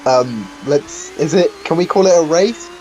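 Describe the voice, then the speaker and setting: A man's voice: on the high side, lively intonation, normal speed, darkish tone, slight background noise, low-quality recording. A man co-commentating a sim race in a casual, teasing way, with some hesitant restarts.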